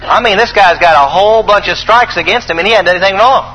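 Male preacher, sermon, high voice, bright and husky tone, animated folksy asides. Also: quick pace, big-room sound, poor audio. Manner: animated, folksy, emphatic asides while reading scripture.

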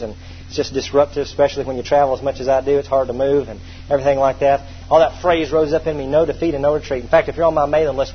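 A man in his thirties preaching a sermon, emphatic and storytelling, repeating his key phrases for effect. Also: medium pitch. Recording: dull lo-fi recording with faint hum.

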